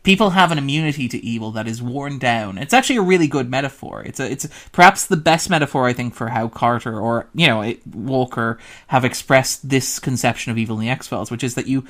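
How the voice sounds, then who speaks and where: A man's voice: medium pitch, fairly quick, hardly any pauses, a bit bright. A man, a podcast guest, giving long analytical commentary in a casual discussion, peppered with "like". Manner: analytical and long-winded, with frequent "like" fillers.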